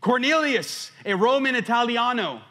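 A man delivers a sermon in a high, bright voice. He swings from loud, emphatic stretches down to hushed, quiet ones, and he sounds a little out of breath. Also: lively intonation, moderate pace. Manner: preaching with sweeping swings between loud and hushed. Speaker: pastor.

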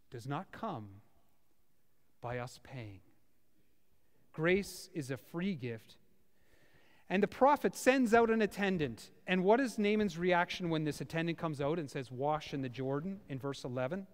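A male pastor preaching a sermon to a small congregation in a church, with a dramatic delivery that swings from loud to hushed. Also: fairly high pitch, expressive, measured pace, pauses often. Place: church, before about fifty people. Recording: reverberant church hall.

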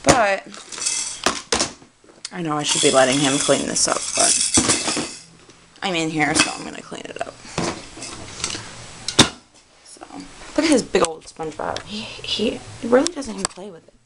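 A woman's voice: on the low side, expressive, normal speed, long pauses. A young woman, a stay-at-home mom, chatting casually and a bit out of breath while tidying her child's bedroom, rambling and sighing between thoughts. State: out of breath, panting. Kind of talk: casual home vlog chat. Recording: noisy home-camera recording.

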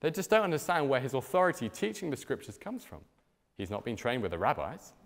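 Male pastor, mid pitch, animated sermon delivery, reverberant church hall. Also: fast talker, vocal fry. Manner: animated storytelling with strong swings in pitch and loudness.

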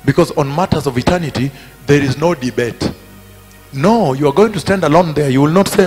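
Man, preacher, sermon, repetitive emphatic delivery, slightly high voice, reverberant hall, faint music. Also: fairly quick. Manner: emphatic and repetitive, rising to shouted climaxes. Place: large conference hall.

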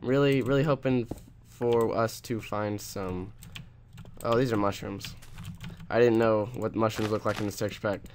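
Low-voiced young man ranting. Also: fairly even intonation, moderate pace, slight background noise. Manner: rambling, ranting, sarcastic, with restarts. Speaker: let's play host. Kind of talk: casual gameplay commentary.

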